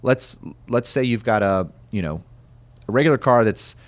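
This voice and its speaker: A man's voice: medium pitch, moderate pace, dry recording. A man hosting a podcast, chatting casually and animatedly, often acting out what others say. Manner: animated, quotes people in voices, many restarts. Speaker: podcast host. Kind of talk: casual chat.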